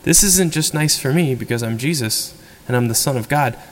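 A male priest giving a sermon in a casual, conversational tone. He acts out the people he quotes with animated energy, and his voice has a middle pitch. The church adds a long, lingering reverb to every phrase. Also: moderate pace.

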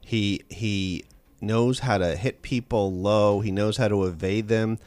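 A man being interviewed as an author on a call-in radio show, telling stories in a quick, animated way with frequent restarts. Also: lowish voice, no room sound. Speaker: author guest.

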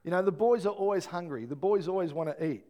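A middle-aged man, preaching a sermon and telling family stories with animated, acted-out voices. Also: high-pitched, fast. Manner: animated storytelling, acts out voices. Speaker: pastor.

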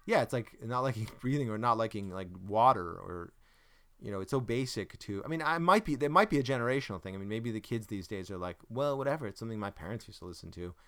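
A man's voice: medium pitch, lively intonation, quick pace, bright, forceful tone. A man hosting a casual chat, rambling and searching for words, with self-deprecating jokes. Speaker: podcast host.

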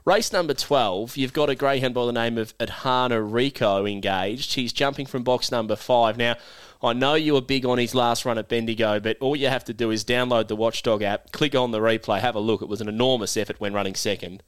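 A man's voice: medium pitch, fairly quick, clean tone, no echo. An Australian man hosting a podcast, teasing and laughing as he runs a quiz and chats with a guest, and feeling a bit unwell. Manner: jokey, teasing, laughs often. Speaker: podcast host. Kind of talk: casual chat and quiz hosting.

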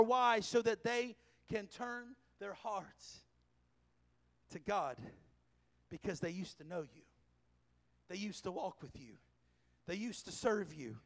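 A man preaching a sermon, telling a scripture story with animated delivery, chuckling and raising his voice for emphasis. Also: sits high, a little slow, vocal fry, pauses often. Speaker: pastor.

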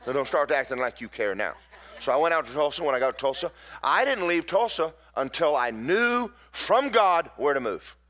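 Folksy pastor preaching. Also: male voice, on the high side, animated, moderate pace, a bit bright. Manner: folksy storytelling with emphatic bursts. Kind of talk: sermon.

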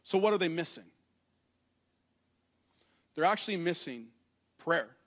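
A male pastor with a fairly high voice preaches to the people in the room. He reads passages of scripture aloud, then unpacks them in a plain, conversational way and speaks straight to his listeners. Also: lively intonation, a little slow. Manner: addresses the congregation directly. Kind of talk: sermon. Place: church hall with congregation.

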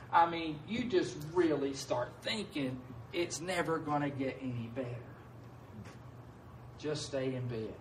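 A man's voice: a little high, measured pace, a bit bright, a little hiss or hum. A male pastor preaching a sermon in a conversational way, often asking his listeners "right?". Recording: echoey room heard from a distance.

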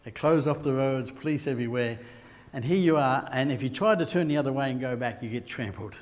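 An Australian man preaching a sermon, telling stories and rising to loud bursts. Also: medium pitch, fairly quick. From Queensland, Australia. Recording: long hall reverb.

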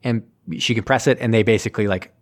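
A man's voice: fairly low pitch, fairly even intonation, quick pace. A man in casual conversation, recapping a film in a loose, rambling way with lots of fillers and self-corrections. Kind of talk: casual chat.

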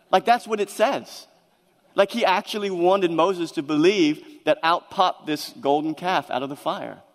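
A man preaching a sermon to his congregation, earnest and emphatic, often stumbling and restarting his words. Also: on the high side. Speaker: pastor. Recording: long reverb of a large hall.

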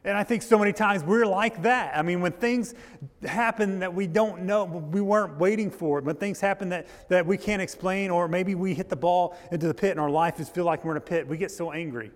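A man preaching a sermon as pastor, telling a story in a loose, halting way with frequent restarts. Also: sits high, in a large hall. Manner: storytelling with restarts and rising intensity. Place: church.

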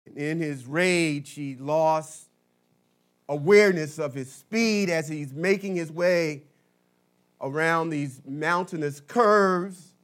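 A male pastor preaching a sermon, telling a story slowly and dramatically, swinging between loud and soft. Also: on the high side. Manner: slow dramatic storytelling with big swings in loudness.

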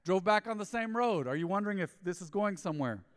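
A man preaching a sermon as pastor, telling a story in a lively way and acting out the dialogue. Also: high voice, quick pace. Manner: storytelling, animated, acts out dialogue. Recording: long hall reverb.

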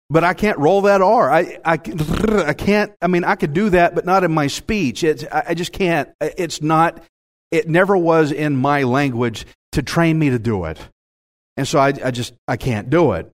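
Man, Texan accent, preacher, folksy, lively up-and-down delivery, slightly high voice. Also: unhurried. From Texas. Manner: folksy, animated, laughs at himself. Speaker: pastor. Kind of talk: sermon.

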